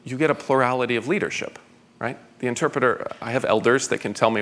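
A man's voice: medium pitch, quick pace, a bit bright. A man, a pastor, answering audience questions at a conference in an eager, rambling way with frequent stammered restarts.

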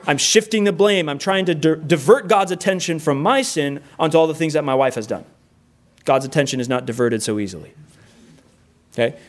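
A middle-aged man preaching a sermon in a church, earnest and emphatic, repeating key phrases and building lists. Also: a little high. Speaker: pastor. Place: church room with a congregation.

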